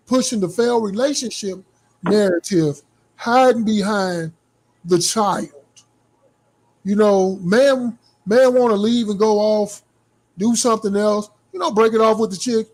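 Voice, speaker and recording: Podcast guy arguing back, kinda high-pitched, casual talk. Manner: challenging, argumentative. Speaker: podcast co-host.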